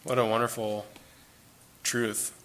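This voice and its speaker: A man's voice: lowish voice, flat delivery, takes it slowly, fairly bright tone. A man giving an informal, earnest Bible teaching, talking conversationally and repeating phrases for emphasis.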